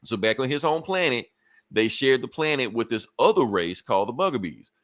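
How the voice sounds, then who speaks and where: This podcast co-host has a mid-range, expressive voice and a brisk delivery. He loosely and profanely walks through a comic book's plot in casual recap, peppering it with "you know" and chuckles between points.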